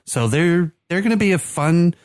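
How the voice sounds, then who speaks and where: On a podcast, a male co-host chats casually about soccer teams, full of fillers and restarts. His voice is high, animated and a little mellow at a moderate pace. The recording is dry and studio quality.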